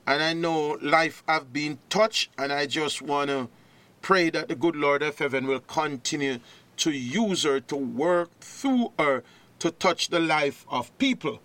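Man, preacher, sermon, slow deliberate delivery, declaims scripture. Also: a little high, a bit bright.

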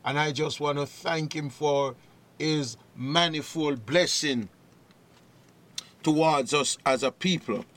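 A man's voice: fairly high pitch, slow, fairly bright tone. A man preaching a sermon, reading scripture in a rising, declaiming voice and greeting partner ministries.

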